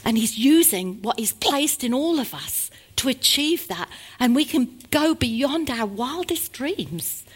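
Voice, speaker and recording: A woman preaching a sermon to a congregation, swinging between loud exhortation and hushed asides. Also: sits high, animated, unhurried, few pauses, slightly rough.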